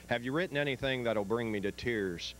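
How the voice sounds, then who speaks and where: A man's voice: mid-range voice, brisk, a little hiss or hum, close to an everyday voice, rough recording. A man quoting a folksy old fellow who praises a song in a drawling, homespun way. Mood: admiring.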